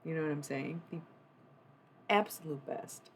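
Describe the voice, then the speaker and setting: A woman's voice: sits low, measured pace, slight background noise. A young adult woman chatting casually on a livestream, rambling and swearing freely. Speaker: streamer.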